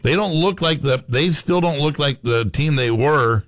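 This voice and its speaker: A man's voice: on the high side, normal speed, fairly bright tone, dry recording, clean studio sound. A man co-hosting a sports talk show, casual and jokey, bantering with his partner. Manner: jokey, banters, throws in put-on accents. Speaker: sports radio co-host.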